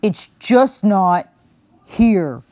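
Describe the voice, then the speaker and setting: A woman voicing a huge, very old, sleepy and forgetful male bear with a gravelly, tired drawl. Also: mid-range voice, lively intonation, very slow, darkish tone, no echo, clean studio sound. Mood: weary, muddled.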